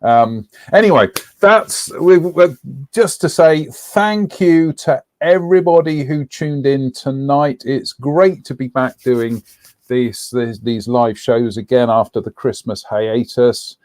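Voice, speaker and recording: Male co-host, casual and rambling, mid pitch, dry close sound. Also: slow pace, darkish tone, dry recording. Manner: rambling, frequent ums, reading out viewer names. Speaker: co-host of a live stream. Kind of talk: casual live-stream chat.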